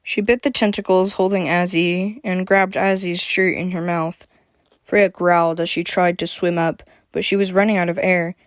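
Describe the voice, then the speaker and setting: Woman reading a fantasy story, lowish voice. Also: flat delivery, normal speed, no room sound, studio quality. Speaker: narrator. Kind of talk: reading her own fantasy story aloud.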